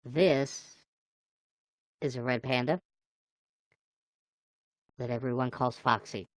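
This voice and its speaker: A playful woman chatting on a livestream and greeting viewers by name. Her voice is very low for a woman, and she talks at an unhurried pace in a dry, close sound. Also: fairly even intonation, no room sound. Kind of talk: casual live chat with viewers.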